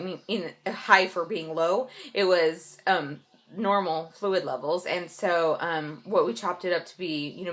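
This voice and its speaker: A woman's voice: lowish voice, a bit bright. A pregnant young woman vlogging a casual update, telling her story with fillers and restarts and mimicking people sarcastically. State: late in pregnancy.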